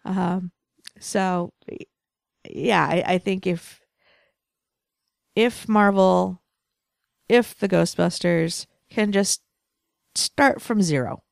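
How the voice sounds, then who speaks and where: A woman's voice: fairly low pitch, drawn-out words, gravelly, long pauses, no room sound, clean studio sound. A woman co-hosting a casual comics podcast, laughing often and speaking bluntly with some swearing. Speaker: podcast co-host. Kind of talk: casual podcast chat about comics and films.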